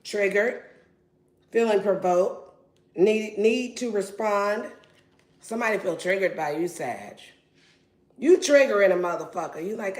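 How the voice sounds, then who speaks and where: A woman's voice: mid-range voice, unhurried, long pauses, darkish tone. A woman giving a casual tarot reading in a brash, playful and profane way. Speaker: tarot reader. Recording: roomy echo.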